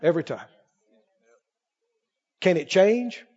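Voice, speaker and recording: High-voiced, lively man preaching a sermon. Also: slow, slightly rough, dull audio. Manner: animated, laughing often, asking the congregation questions.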